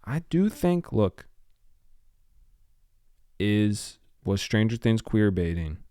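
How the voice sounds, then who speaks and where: A man's voice: on the low side, very animated, slow pace, warm tone, clean tone, no echo, clean studio sound. A man hosting his own podcast, rambling casually with a slight lisp and drifting off topic and back. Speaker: podcast host.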